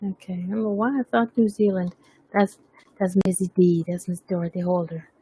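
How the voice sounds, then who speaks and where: A woman's voice: on the low side, steady tone, brisk, warm tone, husky, no room sound. A woman hosting a webcast, chatting casually, teasing herself and laughing often. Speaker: webcast host. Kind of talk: casual chat.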